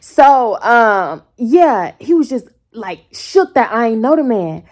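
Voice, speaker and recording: Holding her phone close in her bedroom, a twenty-something storytime vlogger talks slowly through a casual tale. Her delivery is animated and slangy, and whenever she quotes someone her voice squeals up suddenly.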